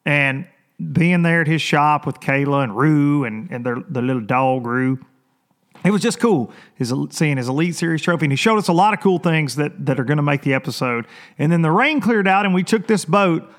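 A man's voice: a little high, normal speed. Rambling man hosting a fishing vlog. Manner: rambling and excitable, many restarts. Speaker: fishing show host. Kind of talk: casual vlog opening talk.

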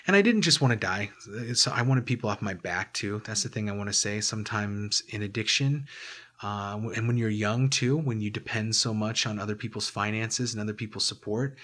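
A man in an interview, recounting his past candidly and haltingly, often restarting and repeating words. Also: on the low side, fairly bright tone. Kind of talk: candid personal storytelling.

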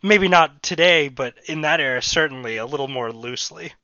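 Bright-voiced man breaking down plays. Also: fairly high pitch, no echo, highs cut off. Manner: measured, analytical. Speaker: podcast co-host. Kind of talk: casual sports chat.

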